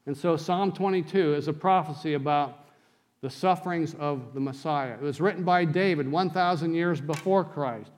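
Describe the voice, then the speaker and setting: A man's voice: a little high, moderate pace. Man preaching a teaching sermon. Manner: teaching, reading scripture aloud. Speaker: pastor.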